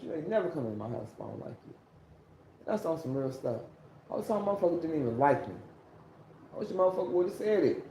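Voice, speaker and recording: On a casual livestream, a man rants into his phone in a warm voice on the high side, full of profanity, rambling and repetition. The recording has an echoey room sound and slight hiss or hum.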